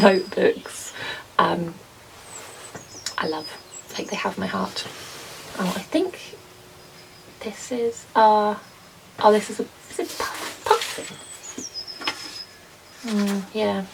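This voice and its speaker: Young female garden vlogger, very gravelly low-fry voice, a bit off-mic, faint room noise, chatty and rambling. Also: slow pace, long pauses, distant mic, low-quality recording. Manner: chatty, rambling, lots of ums and soft laughs. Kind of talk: casual chat to camera. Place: garden potting shed.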